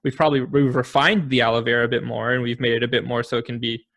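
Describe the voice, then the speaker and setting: A man's voice: mid-range voice, flat delivery, quick pace, gravelly, a bit bright. A man co-hosting a casual history podcast, thinking aloud and offering guesses as he talks. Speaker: podcast co-host.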